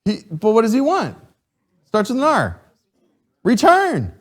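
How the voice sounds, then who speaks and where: Animated man teaching a Bible class. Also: high voice, normal speed. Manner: animated, asks the class questions, chuckles often. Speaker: Sunday school teacher.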